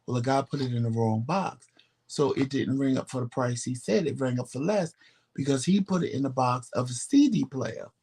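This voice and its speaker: A man co-hosting a podcast, telling stories in casual chat, animated and profane, acting out the voices of people he quotes. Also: mid-range voice, normal speed, husky. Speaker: podcast co-host.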